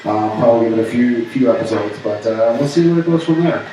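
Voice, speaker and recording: A man from Canada co-hosting a casual pop culture show, bantering and joking in an animated way. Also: mid-range voice, fast, far from the mic, noisy background. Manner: joking, animated, jumps into bits and shouts. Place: pub. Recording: echoey room, voice from off mic.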